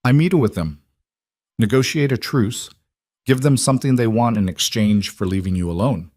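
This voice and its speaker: A man's voice: medium pitch, normal speed, a little mellow, dry recording, clean studio sound, lightly acted. A man voicing a grim, protective male mafia boss who speaks in clipped sentences. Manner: terse, clipped statements.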